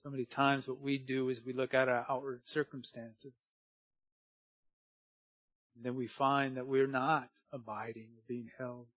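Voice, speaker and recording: A man preaching a sermon earnestly, moving between hushed and emphatic delivery, on a dull lo-fi recording. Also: mid-range voice, level tone, measured pace, long pauses, no room sound.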